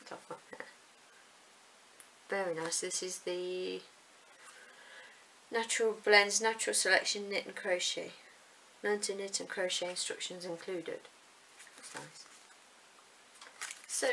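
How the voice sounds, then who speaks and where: Woman, 30s, rambling self-deprecating vlog chat, lowish bright voice. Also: unhurried, long pauses, slight background noise, poor audio. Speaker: vlogger showing yarn. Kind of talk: casual unboxing chat.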